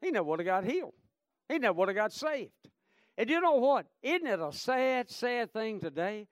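A man's voice: very high-pitched, very animated, moderate pace, no echo, studio quality. A man preaching a sermon with fervor, repeating phrases and calling out to the congregation. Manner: fervent, repetitive, calls out "Amen?" and "friend".

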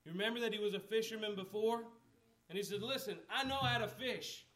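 A high-voiced man preaches in a relaxed, conversational way. He asks the listeners questions and acts out the lines of the people in the story. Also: a little fast. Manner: conversational preaching with rhetorical questions, acting out quotes. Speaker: pastor. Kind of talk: sermon.

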